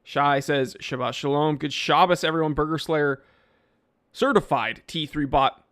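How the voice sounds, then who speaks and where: Male livestream host, casual and animated, slightly raised pitch, lots of restarts. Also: measured pace. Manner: animated, reads viewer names aloud, frequent fillers and restarts. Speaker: livestream host answering chat. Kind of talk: casual live chat. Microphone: microphone he sometimes bumps.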